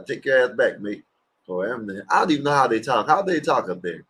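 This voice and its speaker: A man's voice: medium pitch, big pitch swings, a little fast, a bit bright, husky. A man hosting a livestream, giving rambling, crude, mocking reactions to clips. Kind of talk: casual profane reaction commentary.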